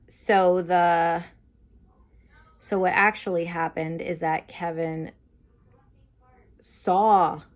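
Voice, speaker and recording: A young woman talks her way through a casual TV episode review, her speech loose and rambling with frequent "um"s and "like"s. Her voice sits a little low and carries a gravelly fry at the ends of phrases. She sounds like someone chatting informally rather than reading a script. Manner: chatty, lots of fillers like "like" and "um", acts out quotes. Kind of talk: casual spoken recap and review.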